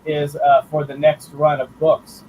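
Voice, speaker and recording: A man who writes and draws comics, talking about his work in a casual interview, thoughtful and halting with fillers and restarts. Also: fairly high pitch, monotone, phone-quality sound, a little hiss or hum. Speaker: comics writer and artist guest.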